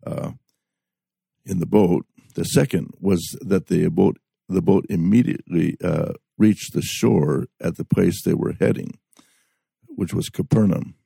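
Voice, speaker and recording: A man's voice: sits low, gravelly, warm tone, husky, dry recording. A man giving a Bible study talk, reading scripture aloud with frequent restarts and fillers. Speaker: Bible teacher.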